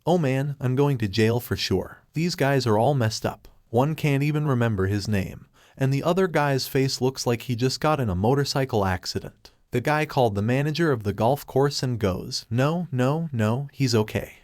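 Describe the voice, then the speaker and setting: A wrestling coach casually telling a blunt personal anecdote while out walking in a park. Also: male voice, mid-range voice, no room sound, clean studio sound. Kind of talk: casual storytelling. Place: outdoors on a walk in a park.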